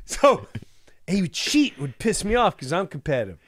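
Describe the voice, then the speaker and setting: Male comic guest, high voice, wild swings of pitch, a dry close sound, profane story acted out. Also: wildly swooping pitch, moderate pace, no room sound. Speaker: comedian guest.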